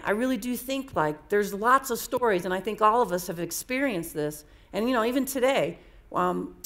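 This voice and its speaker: A woman's voice: medium pitch, fairly bright tone. A woman speaker telling personal stories to an audience in a candid, conversational way, often repeating herself. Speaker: coaching speaker. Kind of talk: storytelling talk to an audience.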